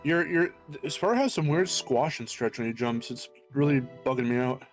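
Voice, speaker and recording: A man's voice: mid-range voice, normal speed. A man co-hosting a gameplay stream, rambling casually, swearing and laughing often, with faint music behind. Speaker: co-host.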